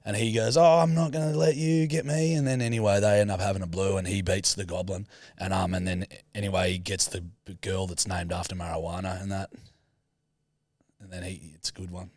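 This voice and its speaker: A man co-hosting a podcast, telling stories in a crude, swearing, animated way. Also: deep voice, a little fast, dry recording, clean studio sound. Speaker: podcast co-host. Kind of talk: casual chat.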